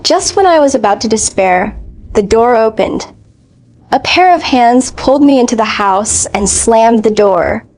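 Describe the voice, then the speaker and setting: A woman narrating a first-person dramatic story in a steady, even reading voice. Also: a little high, a little slow.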